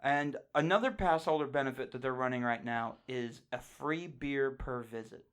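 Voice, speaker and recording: A young man co-hosting a casual podcast, with a crude, joking way of telling stories. His voice sits at an ordinary middle pitch, and he talks in a loose, offhand manner. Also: normal speed, fairly bright tone, smooth. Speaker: podcast co-host.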